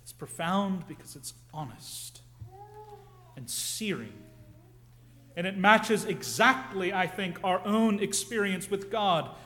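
A man preaching a sermon, earnest and reflective, often dropping to a hush on key phrases. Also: sits high, slow.

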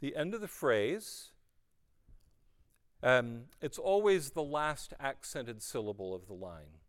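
Smooth-voiced man leading a psalm class. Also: mid-range voice, slow. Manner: relaxed, encouraging, demonstrates lines by singing. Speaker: music leader teaching psalm singing. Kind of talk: teaching a group to chant psalms, speaking and singing. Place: room with a group of singers.

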